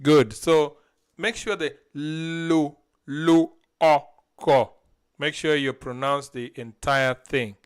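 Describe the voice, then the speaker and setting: On a live stream, a language teacher drills vocabulary syllable by syllable, then waits for a learner to echo each word. His voice is fairly high and clean, with fairly even intonation and a slow pace.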